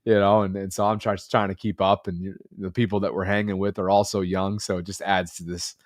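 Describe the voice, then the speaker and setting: A man in his thirties co-hosts a casual podcast chat with a low, congested voice. He rambles in an earnest, reflective way. The recording is dry and close, with no room sound. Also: flat delivery, a little fast, no echo. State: congested, under the weather. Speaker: podcast co-host.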